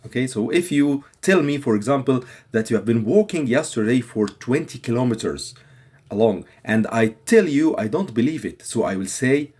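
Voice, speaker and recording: A man from Egypt, teaching a language lesson and patiently repeating phrases slowly for learners. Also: medium pitch, lively intonation, a little mellow, husky. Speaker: Arabic teacher.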